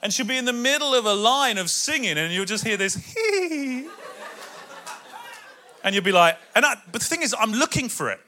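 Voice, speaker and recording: Young guy preaching, high bright voice, gets super excited then goes quiet to read verses. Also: fast, few pauses, a faint crowd, a little hiss or hum. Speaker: pastor. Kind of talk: sermon.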